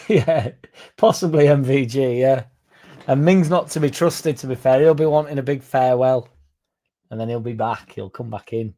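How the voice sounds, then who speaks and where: A man's voice: medium pitch, normal speed, warm tone. A man hosting a casual livestream, rambling, swearing and chatting to viewers by name. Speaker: fan channel livestream host.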